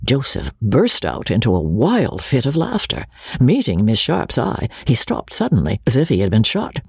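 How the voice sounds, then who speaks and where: A narrator reading a classic novel aloud, expressive with ironic asides. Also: medium pitch, moderate pace, vocal fry, slightly rough, no room sound, studio quality. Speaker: audiobook narrator.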